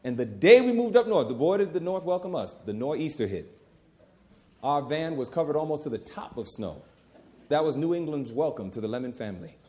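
A man's voice: fairly high pitch, very animated, brisk, mellow. A middle-aged man preaching a sermon, emphatic and folksy, repeating key phrases and talking to the crowd as "y'all".

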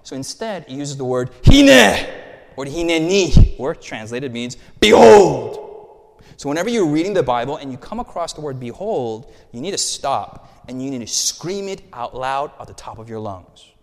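Lively man preaching in an echoing church. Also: mid-range voice, normal speed, creaky. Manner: animated, jokey, quizzes the congregation. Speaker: pastor. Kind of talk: sermon. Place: church hall.

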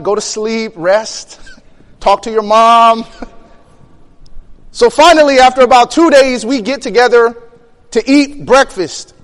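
A young man telling a personal story in an animated way, acting out the quotes and laughing between lines. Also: very high voice, big-room sound. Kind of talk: storytelling talk.

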